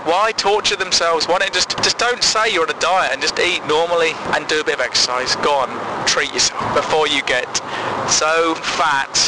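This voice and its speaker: A man's voice: on the high side, moderate pace, background noise. A man doing a crude, rambling comic monologue on his own podcast. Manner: rambling, crude, animated ranting. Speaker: podcast comedian.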